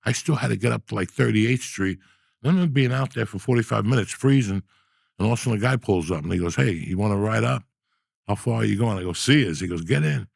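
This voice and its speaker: Gravelly middle-aged guy telling wild stories, lowish voice, dry close sound. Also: fast, no room sound. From New Jersey. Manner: animated, profane storyteller. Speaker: podcast host. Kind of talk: storytelling in casual chat.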